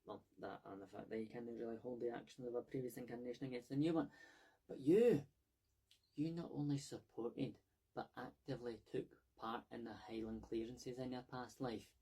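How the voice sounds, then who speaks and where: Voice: medium pitch, fairly even intonation, moderate pace, mellow, husky. A speaker lecturing someone bluntly in a comedy sketch.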